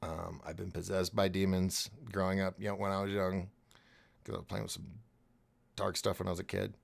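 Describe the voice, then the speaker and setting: On a laid-back live stream, a man with a fairly low, gravelly voice reads chat comments aloud at a slightly quick clip. He wanders, restarts sentences and thinks aloud as he talks.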